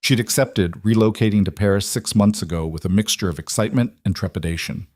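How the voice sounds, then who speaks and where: A man with a low voice reads a drama story aloud in an even, measured way. The recording is dry and close to the mic, with no room sound behind it. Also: no room sound. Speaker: narrator. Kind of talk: scripted narration.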